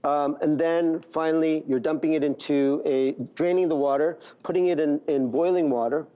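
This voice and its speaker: A man's voice: on the high side, fairly even intonation, moderate pace, warm tone, clear, resonant tone. A man from Korea, a guest chef on a TV talk show, walking hosts through recipes step by step with frequent "right?" checks. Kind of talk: cooking demonstration. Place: TV studio kitchen.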